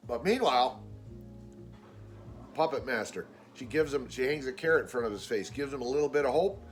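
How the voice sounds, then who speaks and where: A man's voice: animated, normal speed, soft background music. Blunt, exasperated man venting casually. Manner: blunt, exasperated, swears freely; acts out quoted people with raised pitch. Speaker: vlogger. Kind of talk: casual storytelling monologue.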